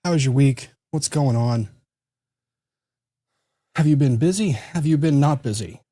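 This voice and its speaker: A man's voice: medium pitch, measured pace, mellow, no room sound. A man hosting a casual livestream from a home studio, chatting with viewers in a loose, self-deprecating way and reading their comments aloud while he fiddles with his desk microphone. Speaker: livestream host. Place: small home studio room.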